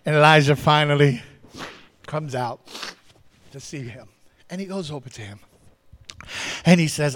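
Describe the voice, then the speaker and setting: Male preacher, higher-pitched, dynamic sermon delivery with hushed lows and shouted peaks. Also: unhurried, pauses often. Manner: swings from hushed asides to loud shouted climaxes; calls out to the congregation.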